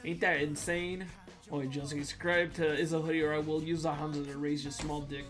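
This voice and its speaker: A man with a somewhat high voice reads viewer jokes on a livestream. His delivery is loud, goofy and joking. Music plays clearly in the background. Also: level tone, fairly quick. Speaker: streamer reading viewer jokes. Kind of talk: comedic reading on a livestream. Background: music playing.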